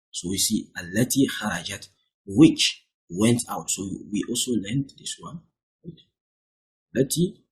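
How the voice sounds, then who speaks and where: Husky, low-voiced male Arabic teacher. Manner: reads example sentences, then translates and explains them. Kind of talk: explaining a textbook lesson.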